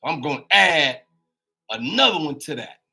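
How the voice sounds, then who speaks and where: A man on a crutch with a swollen knee hosts his own daily live show, preaching informally, repeating words and calling his listeners y'all. His voice is fairly high with big pitch swings, moderate pace, vocal fry, and a bright, forceful tone with a breathy edge.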